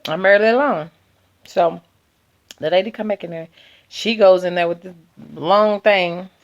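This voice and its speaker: A woman in her thirties telling a personal story to her viewers in an animated, chatty way. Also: fairly low pitch, moderate pace, dull audio. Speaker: vlogger.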